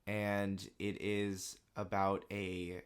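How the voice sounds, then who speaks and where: A man's voice: low-pitched, monotone, drawn-out words, clear, resonant tone. A young adult man co-hosting a podcast, chatting loosely with many fillers. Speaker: podcast co-host. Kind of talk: casual chat.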